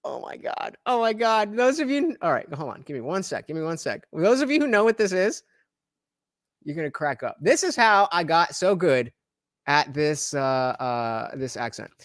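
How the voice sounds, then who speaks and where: Livestream host, man from New Jersey, very lively pitch, casual rambling chat commentary. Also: moderate pace, dry recording, clean studio sound. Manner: rambling, lots of fillers, animated.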